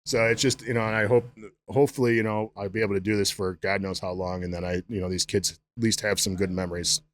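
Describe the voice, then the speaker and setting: A man's voice: fairly low pitch, steady tone, quick pace. A man, a strength coach guest on a podcast, telling profane, loose stories about his football coaches. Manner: profane storytelling with acted-out quotes. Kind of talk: casual chat.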